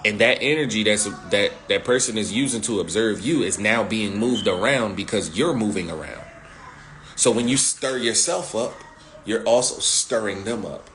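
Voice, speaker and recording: A man teaching sales techniques in an animated way, repeating key phrases and talking with slang. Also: lowish voice, normal speed, slight background noise. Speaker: sales coach.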